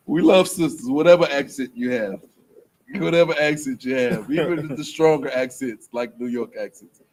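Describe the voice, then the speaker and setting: A man's voice: medium pitch, moderate pace, slight background noise. A man giving a casual, rambling preaching talk to a group, full of slang and repeated phrases. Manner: rambling, repetitive, colloquial. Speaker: speaker in a group teaching session.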